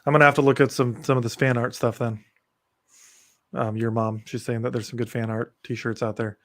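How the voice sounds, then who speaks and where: A man in casual podcast chat who rattles off book titles and opinions in a loose, rambling way. His voice sits at an ordinary middle pitch. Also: level tone, a little fast. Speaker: podcast host.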